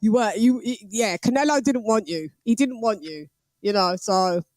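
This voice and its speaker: A woman hosting a boxing livestream, chatting casually with patois slang and lively banter. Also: mid-range voice, normal speed, no echo, soft background music.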